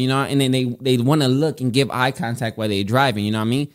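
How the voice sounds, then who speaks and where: A man with a medium-pitched voice talks fast while co-hosting a casual podcast from a home setup. He tells stories animatedly, rambling and often repeating his words.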